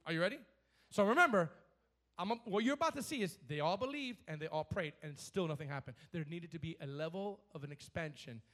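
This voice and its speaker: A pastor with a notably high voice preaches an energetic church sermon, speaking fast and excitedly. He repeats words as he builds momentum and dramatizes scripture passages with laughter.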